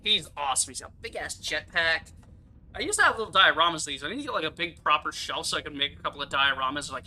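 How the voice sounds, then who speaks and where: A man's voice: on the high side, sharp tone. A man chatting casually on a livestream, rambling and swearing a lot while enthusing about collectibles. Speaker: streamer.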